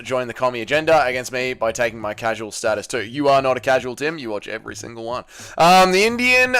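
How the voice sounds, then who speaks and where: A man's voice: mid-range voice, fairly bright tone. A young man hosting a casual livestream, reading viewer messages aloud and answering them with crude, joking banter. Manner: crude, joking, swears a lot. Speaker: livestream host.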